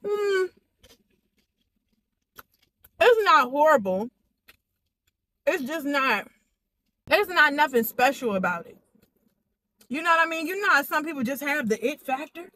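A young woman hosting an eating show, chatting excitedly and straight to her viewers as she tastes each dish. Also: high-pitched, normal speed, long pauses. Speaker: food vlogger. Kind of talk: casual eating-show chat.

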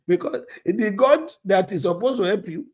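A pastor with a high voice preaches a sermon, telling a story with lots of animation. He acts out the dialogue and chuckles often.

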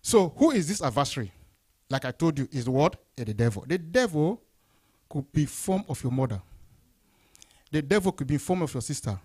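A male pastor preaching a sermon, throwing out questions and answering them, swinging between loud high lines and low quiet ones. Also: big pitch swings, moderate pace, long pauses, husky. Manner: call-and-response questions, rising then dropping low.

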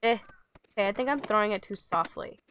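A woman's voice: medium pitch, a little fast, fairly bright tone, a little hiss or hum. A woman streaming a pet video game, coaxing her virtual dog with giggly, chatty commentary. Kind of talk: casual game livestream commentary.

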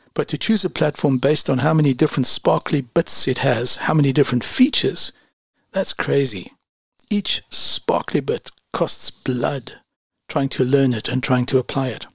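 A man reading a scripted review of business software in a measured, plain-spoken way with deliberate pauses, recorded close to the mic. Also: medium pitch, creaky, slightly rough, dry recording.

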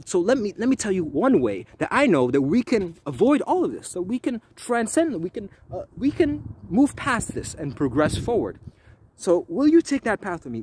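Man, vlogger, preachy spiritual monologue, lively swooping delivery, husky voice. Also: high-pitched, normal speed. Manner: animated, repetitive, swearing.

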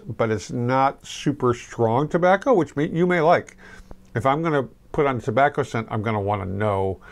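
A middle-aged man giving a casual, rambling fragrance review to camera, relaxed and full of restarts. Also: medium pitch, gravelly.

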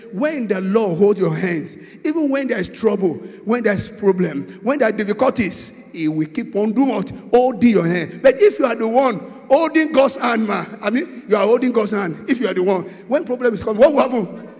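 High-voiced Nigerian preacher in a reverberant church. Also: male voice, lively intonation, fairly quick. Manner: shifts from quiet storytelling to shouted prayer; asks the congregation call-and-response questions. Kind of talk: sermon with prayer. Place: large church with long reverb.

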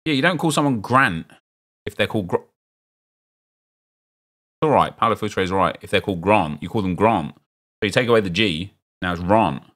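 A South London streamer, speaking at normal speed in a low-ish, slightly bright voice with lively intonation and long pauses, opens football game packs on stream. His commentary rambles casually, with chatty jokes aimed at chat.

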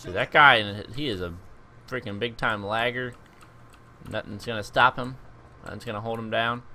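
A young man giving joking, excitable commentary over his own gameplay as a video host. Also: lowish voice, normal speed, a little hiss or hum. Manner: animated, joking, exclaims at the game.

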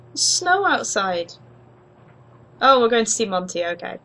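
A young woman giving casual, excitable commentary while playing a life-simulation game, gushing over cute pets. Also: a little high, measured pace. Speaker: gaming video host.

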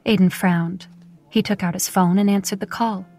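A woman narrating a romance audiobook in a steady, even storytelling manner. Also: mid-range voice, moderate pace. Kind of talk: scripted narration.

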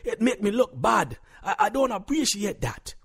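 A man playing a boastful, hot-tempered Jamaican husband calling a comedy radio show, with a Jamaican accent, preaching in broken grammar and flaring into shouts. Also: mid-range voice, lively intonation, moderate pace, husky. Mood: outraged. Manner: flares into shouting. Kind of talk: comedy radio call-in sketch.

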